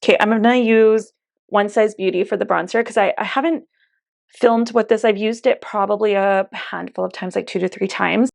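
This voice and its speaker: A young woman talks to her camera while doing her makeup, in a casual get-ready-with-me chat. Her voice sits in a middle pitch with a strong gravelly fry, and she confides in her viewers with plenty of "like" and "you know.". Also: fairly even intonation, normal speed, darkish tone, no echo, clean studio sound. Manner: chatty, confiding, many fillers like "you know" and "like". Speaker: beauty vlogger.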